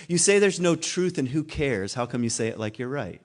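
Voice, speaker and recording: A man's voice: mid-range voice, animated, a little fast. A man giving a loose, conversational talk at a spiritual community. He muses aloud, laughs at himself and restarts his thoughts often. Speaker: guest speaker at a spiritual community. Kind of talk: informal sermon talk.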